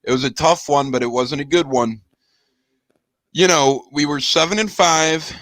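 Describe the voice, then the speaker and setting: A man's voice: fairly high pitch, moderate pace, a bit bright, no room sound. Brief: man, podcast host, chatty, asks the questions, dry close sound. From lives in Chicago. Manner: chatty, steers the talk with questions. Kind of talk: casual sports podcast chat.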